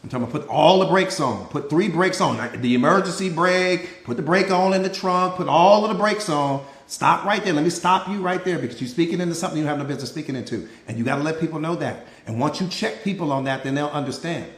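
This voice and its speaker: A man's voice: a little high, fast, few pauses, a bit bright, reverberant. A man giving a live motivational talk as a mindset coach, emphatic and preachy, repeating key lines and bantering with people in the audience by name.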